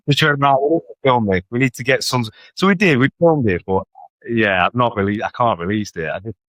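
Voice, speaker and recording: A man telling stories in a casual interview, animated, often checking in with tag questions. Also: medium pitch, fast talker, no room sound. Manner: animated storyteller with frequent tag questions and laughter. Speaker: guest bodybuilder.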